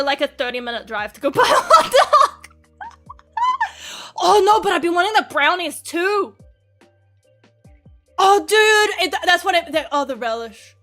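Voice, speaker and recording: A VTuber streamer with a high voice chats casually and rambles, crude, profane and quick to laugh, in a bright, sharp tone. Soft music plays underneath.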